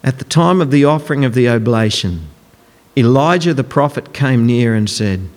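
A man's voice: mid-range voice, lively intonation, moderate pace. A man preaching a sermon in a conversational, emphatic way, acting out quotes as he goes. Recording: long hall reverb.

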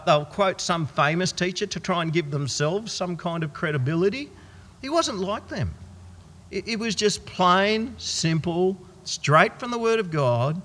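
An Australian man playing an amazed male follower of Jesus, telling it in a folksy, husky voice in a church. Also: high-pitched, fairly bright tone. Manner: folksy, conversational storytelling. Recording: long church reverb.

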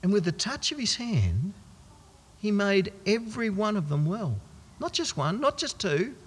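An Australian man playing an amazed male follower of Jesus, telling it in a folksy, husky voice in a church. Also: high-pitched, very animated, a little slow, pitched above the performer's own voice, heavily acted. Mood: wondering. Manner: folksy, conversational storytelling. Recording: long church reverb.

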